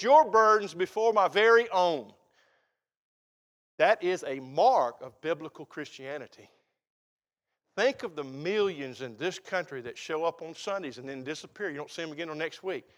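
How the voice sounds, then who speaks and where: Man, pastor, high-pitched voice, folksy emphatic sermon. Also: a bit bright. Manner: folksy, emphatic preaching with rising exclamations.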